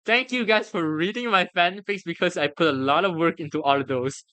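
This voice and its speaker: A streamer reacting on a live stream in a casual, excitable way, laughing often, swearing freely and stammering through restarts. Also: mid-range voice, a little fast, no room sound. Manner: stammers and restarts when flustered.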